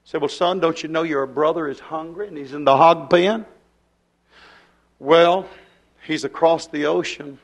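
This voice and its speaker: A man preaching a fiery revival sermon. He acts out dialogue in his sermon and drops to a hush at times. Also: fairly high pitch, steady tone, measured pace, long pauses.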